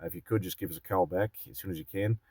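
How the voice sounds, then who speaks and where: A man voicing a male tech support agent with a put-on Australian accent, leaving a brisk, businesslike voicemail. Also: low voice, a little mellow, breathy edge, dry recording.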